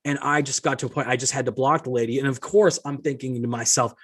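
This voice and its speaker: A man's voice: mid-range voice, fast talker, hardly any pauses. A man hosting his own podcast, ranting in an exasperated, indignant tone, swearing often and reading out messages he received. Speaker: podcast host. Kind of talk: solo podcast rant.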